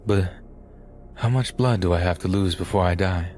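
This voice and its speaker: Guy doing a hurt young dude on a phone call, stammering and shaky, deep voice, faint music under it. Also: a little mellow, lightly acted. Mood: frightened. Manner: shaky, halting, tearful. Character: badly injured 20-year-old man, scared, pleading.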